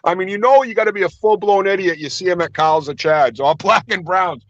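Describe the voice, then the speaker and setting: A man with a somewhat high voice talks in loose, profane banter, laughing often and rambling from one thing to the next. The recording is dry, with no room sound, and a little dull in the highs. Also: a little fast, a bit bright, no echo. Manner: crude, rambling, laughs often, heavy swearing.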